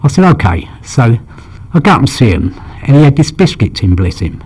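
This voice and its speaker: Older man with a mellow voice. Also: medium pitch, big pitch swings, brisk, breathy edge. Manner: rambling, acts out quoted dialogue, frequent "you know". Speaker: interviewee. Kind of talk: anecdotal storytelling.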